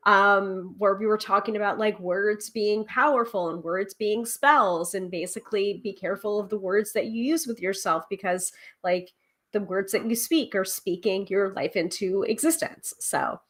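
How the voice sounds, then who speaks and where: A woman's voice: medium pitch, normal speed, fairly bright tone. Woman host for a casual home tarot stream, chatty and loose, lots of filler. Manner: chatty, many ums, reads viewer comments and book passages aloud. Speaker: tarot reader and livestream host. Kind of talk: casual livestream chat. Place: home livestream.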